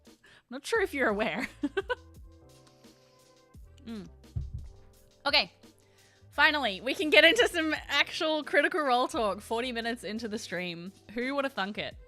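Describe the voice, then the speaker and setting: A woman chats casually on a livestream, her bright, energetic voice rising and falling a lot. She thinks out loud and often sounds unsure, with quiet music playing in the background. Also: on the high side, normal speed, pauses often. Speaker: livestream host.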